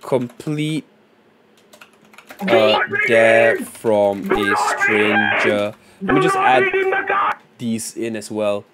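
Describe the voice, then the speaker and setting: A man's voice: on the low side, sing-song, drawn-out words, long pauses, heavy background noise. A man mumbling casual streamer chat. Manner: thinks aloud and mumbles while reading chat; loose and slangy, with frequent fillers. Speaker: live streamer.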